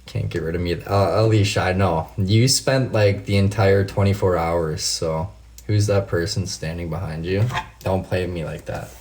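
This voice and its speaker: A man's voice: low-pitched, steady tone, moderate pace, a little mellow. A man, chatting casually on a late-night livestream, answering viewers by name, laughing often and swearing freely. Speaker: livestream host.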